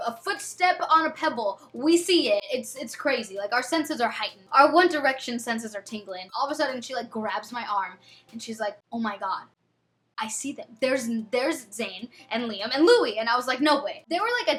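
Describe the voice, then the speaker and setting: A young woman in her twenties telling a storytime vlog with excitable, dramatic, gushing fangirl energy. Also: a little high. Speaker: vlogger.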